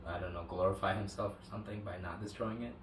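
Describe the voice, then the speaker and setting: Low male co-host, hesitant and thoughtful, off-mic in a roomy space. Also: steady tone, quick pace. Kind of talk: casual Bible discussion. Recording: distant mic in echoey room, faint hiss.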